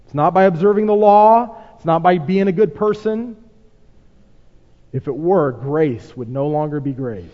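A man preaching with a high, swooping voice, acting out quotes with drama and turning often to rhetorical questions. His voice carries a long hall reverb and sounds slightly muffled. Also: animated, a little slow. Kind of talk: sermon.

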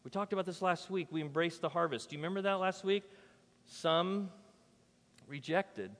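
A male pastor preaching in a voice pitched a little above the usual for a man. He talks emphatically yet conversationally, rising to loud declarations and dropping to hushed asides. The sound carries a long hall reverb. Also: normal speed. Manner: emphatic and conversational, swinging between loud and soft. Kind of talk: sermon. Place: church.

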